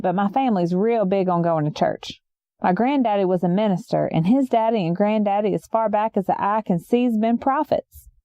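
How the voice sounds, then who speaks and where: A woman's voice: medium pitch, dark tone, no echo. Folksy young woman with a drawl. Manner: folksy, chatty, rambling. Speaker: storyteller. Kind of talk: first-person story reading.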